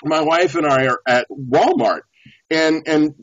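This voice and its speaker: A man's voice: on the high side, measured pace, dry recording. A man guesting on a show, telling a story in a casual, laughing way. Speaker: beekeeper guest. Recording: dull lo-fi audio.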